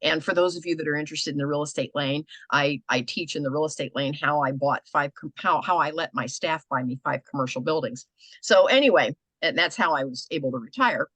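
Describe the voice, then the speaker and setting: An older American woman coaching a group on business pitches, conversational and animated. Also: brisk, no room sound. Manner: conversational, animated, acts out quoted people.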